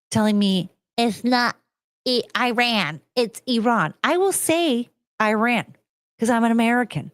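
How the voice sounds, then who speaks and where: Brief: woman podcast host, profane rambling rant, unhurried delivery, dry close sound. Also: on the high side, big pitch swings, no echo. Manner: profane, ranting, swears freely; rambling, loses her train of thought. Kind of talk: casual chat.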